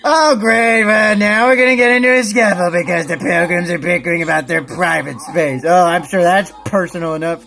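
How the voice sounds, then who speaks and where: A man's voice: high voice, moderate pace, gravelly, few pauses, sharp tone, soft background music. A man giving a sarcastic, profane comedic review, ranting over clips.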